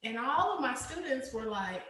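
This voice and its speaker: A woman co-hosting a podcast, telling a classroom story slowly and expressively. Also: sits high, roomy sound, a little hiss or hum. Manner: slow, expressive, laughs through her stories. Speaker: co-host and teacher. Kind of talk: casual storytelling chat.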